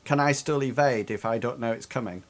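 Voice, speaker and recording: A man running a tabletop game as game master, describing combat with many pauses and restarts. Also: medium pitch. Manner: hesitant, full of ums and restarts.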